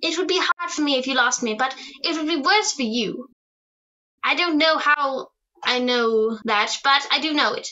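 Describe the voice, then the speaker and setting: A woman's voice: sits high, moderate pace, pushed and bright, lo-fi sound. A woman voicing a playful, affectionate teenage daughter in a radio drama, teasing and bubbly. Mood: frightened. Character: playful, adoring teenage daughter putting her hair up.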